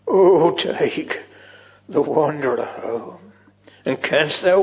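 Slow solemn preacher man, echoing church. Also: a little high, slight background noise. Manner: slow, solemn, dropping to hushed whispers. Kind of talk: old-fashioned sermon. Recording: muffled old church recording with long reverb.

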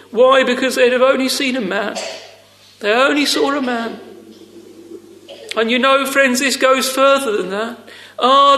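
A man preaching a sermon, earnest and deliberate, addressing his listeners as friends. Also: extremely high pitch, bright, forceful tone. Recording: echoey hall with long reverb.

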